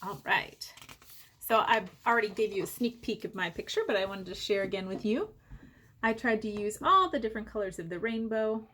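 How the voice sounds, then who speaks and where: A woman teaching a Sunday school lesson to young children, speaking gently and encouragingly, slow and clear. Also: medium pitch.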